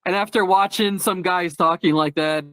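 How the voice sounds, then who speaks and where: A man's voice: high-pitched, steady tone, moderate pace, sharp tone, clear, resonant tone, dry recording. A man hosting a casual podcast chat, rambling through stories, giggling often and bursting into silly catchphrases. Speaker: podcast host.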